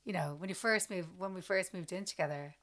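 Animated, swearing woman. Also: fairly low pitch, a little fast. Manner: animated, swears freely, acts out quoted exchanges. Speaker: podcast co-host. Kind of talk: casual chat.

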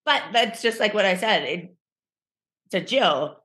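A woman's voice: medium pitch, expressive, measured pace, fairly bright tone. Laid-back woman chatting on a podcast. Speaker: podcast co-host. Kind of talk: casual chat, recapping a reality show.

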